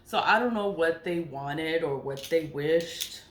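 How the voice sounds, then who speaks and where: This middle-aged spiritual vlogger speaks a little slowly in a low-pitched voice, casual, crude, and quick to laugh as she addresses her camera. The camera mic picks up an echoey room and faint noise.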